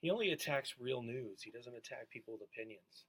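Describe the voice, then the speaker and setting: A man's voice: medium pitch, lively intonation, fairly quick, husky, rough recording. A man chiming in on a radio talk show, blunt and matter-of-fact. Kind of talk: casual chat.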